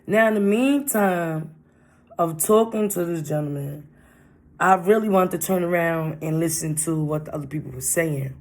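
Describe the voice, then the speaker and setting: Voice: mid-range voice, moderate pace. Rambling storyteller. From Brooklyn, New York. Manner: rambling, repeats itself, slangy street talk. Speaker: vlogger. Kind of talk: casual storytime.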